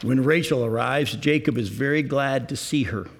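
An older pastor with a mid-range voice preaches a sermon. He reads scripture slowly and emphatically, then talks with the congregation in an earnest, conversational way.

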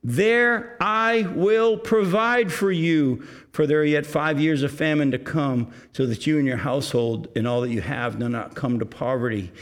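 A man's voice: mid-range voice, steady tone, fairly quick, hardly any pauses. A man preaching a sermon, reading scripture aloud and explaining it to his congregation. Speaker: pastor.

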